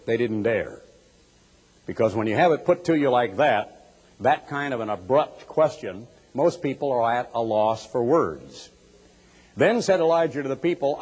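A man preaching a sermon with a husky, breathy voice. He shifts from hushed asides to high, loud bursts and acts out other people's voices. His words ring with a long hall echo. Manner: dramatic, swings from low murmurs to high outbursts, mimics voices.

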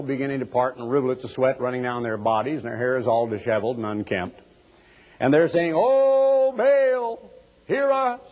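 A man preaching a sermon with a husky, breathy voice. He shifts from hushed asides to high, loud bursts and acts out other people's voices. His words ring with a long hall echo. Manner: dramatic, swings from low murmurs to high outbursts, mimics voices.

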